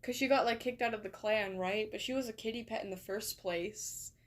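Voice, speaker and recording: A woman's voice: medium pitch, brisk. A young woman from England chatting casually on a live stream, rambling, reading her chat aloud, and swearing and laughing easily.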